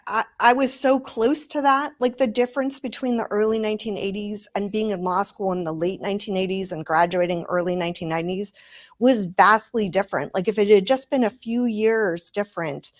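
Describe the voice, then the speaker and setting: A woman in her fifties answers as a panel guest. She speaks earnestly and haltingly, often repeating words as she gathers her thoughts. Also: medium pitch. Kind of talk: panel conversation.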